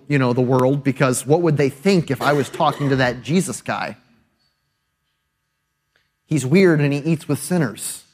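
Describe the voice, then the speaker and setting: A man delivers a sermon as a pastor, his voice sitting a little above the usual male pitch. He talks casually and emphatically, drawing listeners along with frequent quick tag questions. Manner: conversational and emphatic, often adding tag questions.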